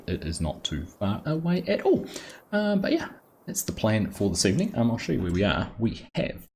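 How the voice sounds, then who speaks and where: A man's voice: deep voice, slight background noise. An Australian man hosting a casual live gaming stream, chatting easily, greeting viewers by name and using plenty of fillers. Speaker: livestream host.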